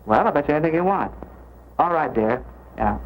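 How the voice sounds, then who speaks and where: An actor playing a fast-talking newspaper reporter in 1930s film acting, coaxing his sweetheart on the telephone. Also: a little high, expressive, narrow, tinny audio, slight background noise. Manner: coaxing, pleading on the phone.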